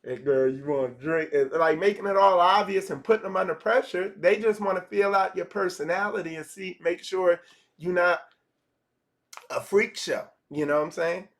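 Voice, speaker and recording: This spiritual teacher has a high voice with a steady tone and a moderate pace. In his relaxed livestream lesson he chats conversationally, repeats phrases and acts out short dialogues.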